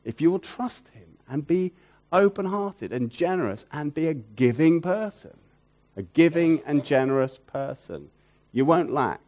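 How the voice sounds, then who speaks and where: Lively, expressive male preacher. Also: fairly high pitch, unhurried. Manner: repeats phrases for emphasis, asks rhetorical questions; swings from loud emphatic peaks down to soft, hushed lines. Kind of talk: sermon.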